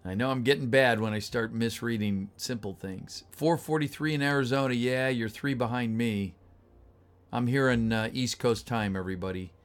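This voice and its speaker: A man's voice: mid-range voice, normal speed. Chatty man greeting his livestream chat. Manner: chatty, greets viewers, reads chat messages aloud. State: voice getting tired. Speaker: voice actor reading a script on a livestream. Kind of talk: casual livestream chat with viewers.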